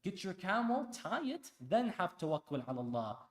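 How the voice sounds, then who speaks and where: A man's voice: high voice, big pitch swings, brisk. Impassioned male preacher in an echoey hall. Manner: impassioned, swings between hushed and loud; asks the audience pointed rhetorical questions. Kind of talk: sermon. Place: Islamic center hall.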